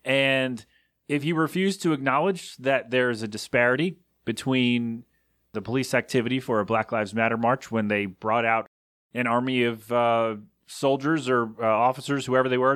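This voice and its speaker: A man's voice: medium pitch, steady tone, normal speed, fairly bright tone, no echo, studio quality. A man hosting his own podcast, talking casually in a rambling, sarcastic and exasperated way. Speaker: podcast host. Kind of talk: casual solo podcast monologue.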